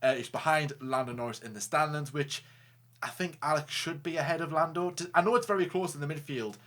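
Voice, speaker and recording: A man co-hosting a casual racing talk show, joking, animated and stumbling over restarts. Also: a little high, fairly quick. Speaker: co-host. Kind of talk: casual chat.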